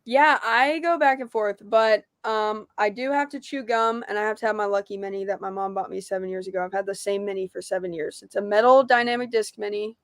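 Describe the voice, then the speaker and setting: A young woman, a podcast guest telling a story with lively, laughing energy. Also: medium pitch, brisk, few pauses, no echo, studio quality. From Tennessee. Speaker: podcast guest, disc golf pro. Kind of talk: casual storytelling interview.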